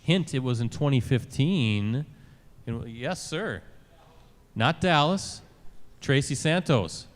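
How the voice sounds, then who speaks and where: A man's voice: medium pitch, slow, long pauses. A man hosting a live sports show, running trivia and introducing a guest with energy. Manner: energetic, upbeat. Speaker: host. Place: club room at a live show event. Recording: reverberant venue sound.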